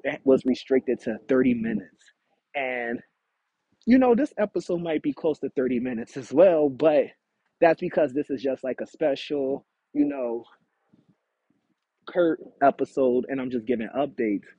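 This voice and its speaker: Gravelly, husky man hosting a podcast. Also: mid-range voice, expressive, warm tone, dry recording, highs cut off. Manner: unhurried, rambling with fillers. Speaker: podcast host. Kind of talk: casual solo podcast update. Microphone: phone or small home setup.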